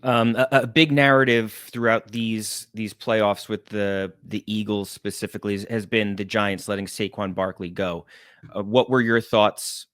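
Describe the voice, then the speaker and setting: A man's voice: lowish voice, fairly even intonation, moderate pace, fairly bright tone, clear, resonant tone, no room sound, clean studio sound. A man hosting an interview, asking casual questions with some hesitant fillers. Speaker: interview host.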